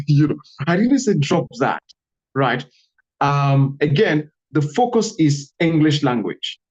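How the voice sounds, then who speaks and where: Nigerian man with a Calabar accent, lively guest speaker, muffled video call audio. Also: a little high, slow. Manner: animated, emphatic, repeats key words. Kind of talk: online workshop talk.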